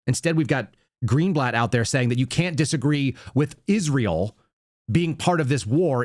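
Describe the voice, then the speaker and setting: A man's voice: mid-range voice, no echo, studio quality. A man hosting a political podcast, talking in a blunt, sarcastic way. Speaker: podcast host. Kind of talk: casual political commentary.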